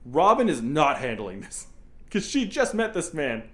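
Man co-host, higher voice, quick and jokey, recapping a movie with funny bits. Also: very animated, fairly bright tone. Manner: joking, quick, often acts out scenes in voices. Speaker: podcast co-host. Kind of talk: casual movie recap chat.

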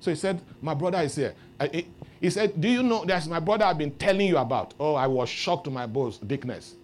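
Man, pastor, sermon, animated storytelling, faint background noise. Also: fairly high pitch, a little fast. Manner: animated storytelling, rising to loud exclamations.

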